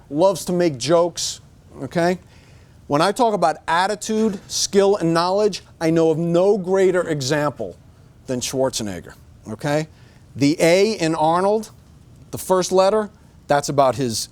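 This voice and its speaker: Middle-aged man, bright high voice, motivational staff talk, emphatic and repetitive. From United States. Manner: emphatic, repeats "okay?" to drive points home. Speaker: marketing director giving a staff talk. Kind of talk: motivational speech. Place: room with a staff audience.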